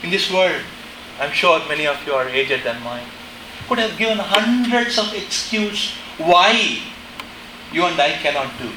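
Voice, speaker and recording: A middle-aged man preaching a sermon in a chapel, impassioned, dropping to a hush and rising to shouts. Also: fairly high pitch, animated, a little slow, reverberant, background noise. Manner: impassioned, swings between hushed and shouting.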